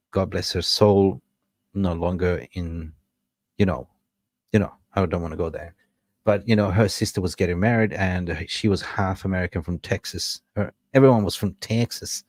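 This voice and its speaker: A man's voice: sits low, a little mellow, no room sound. A man from Sweden, co-hosting a chatty podcast and telling rambling stories full of fillers and chuckles. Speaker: podcast co-host. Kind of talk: casual chat, storytelling.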